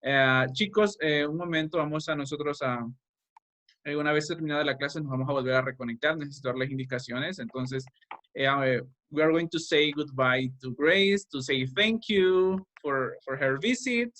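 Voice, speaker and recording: A man leads his class over a video call in a bright, fairly high voice. He hesitates and fills his pauses as he gives instructions, and the sound is dry and close. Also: dry recording. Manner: hesitant, with many fillers, switching between Spanish and English. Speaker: English teacher.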